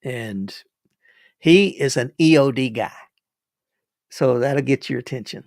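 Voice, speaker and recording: A man's voice: medium pitch, takes it slowly, creaky, a little mellow, no echo, studio quality. An older man hosting a livestream, telling rambling stories with repeated words and chuckles. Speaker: livestream host. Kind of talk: casual storytelling.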